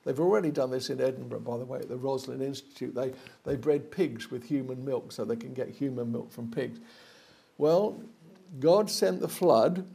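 A man's voice: mid-range voice, normal speed, creaky, dark tone, slight background noise. An older man preaching a sermon, earnest and digressive, with many fillers and restarts.

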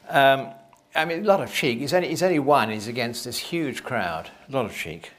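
A man's voice: mid-range voice, animated, moderate pace, a bit bright. A man reading a Bible passage aloud and breaking off for conversational, wry asides. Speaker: Bible teacher.

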